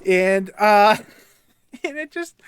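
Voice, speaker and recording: A man's voice: sits high, expressive, very slow, clear, resonant tone, dry recording. A young man co-hosting a podcast, telling a rambling story about himself while laughing between sentences. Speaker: podcast co-host. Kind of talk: casual storytelling chat.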